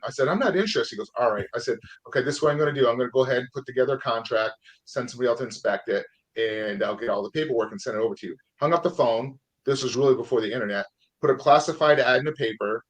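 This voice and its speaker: A man's voice: mid-range voice, rapid-fire. A middle-aged man from Vermont hosting a podcast, telling a story casually and acting out both sides of old phone calls. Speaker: podcast host. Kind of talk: podcast interview.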